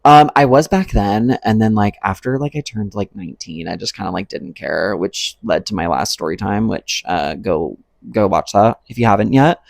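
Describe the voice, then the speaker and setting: A man's voice: lowish voice, moderate pace, creaky, no room sound. A young adult man vlogging a casual storytime, rambling and profane, full of "like" and "um".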